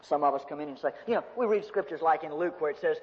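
A man preaching a sermon in an animated, folksy storytelling manner with humor. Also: on the high side, fast talker. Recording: dull lo-fi recording in a reverberant hall.

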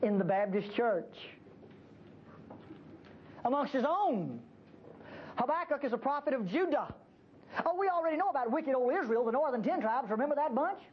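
A woman's voice: quick pace, slight background noise. An older woman preaching a sermon in a church, emphatic, folksy and teasing. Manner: emphatic, folksy and teasing, with lively pitch swings. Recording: dull lo-fi recording.

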